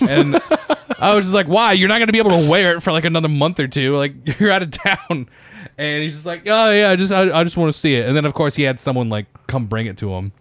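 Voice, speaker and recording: A man's voice: on the high side, brisk, fairly bright tone, dry recording. A young man on a casual podcast, joking crudely and laughing as he tells stories. His voice is close to the mic and dry, with little room sound. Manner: swearing, laughing storyteller. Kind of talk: casual chat.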